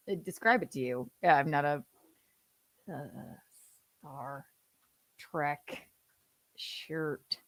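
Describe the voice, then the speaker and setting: A woman's voice: medium pitch, dry recording. A woman hosting a casual livestream, talking sarcastically with swearing and laughing asides. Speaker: livestream host. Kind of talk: casual commentary chat.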